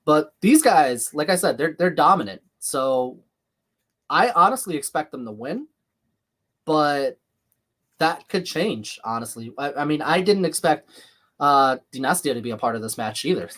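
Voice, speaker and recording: A man's voice: a little high, expressive, normal speed, a bit bright. Chatty man with a slight lisp. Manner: chatty, jumps between reading chat and calling action. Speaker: livestream host. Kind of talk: live watch-along commentary.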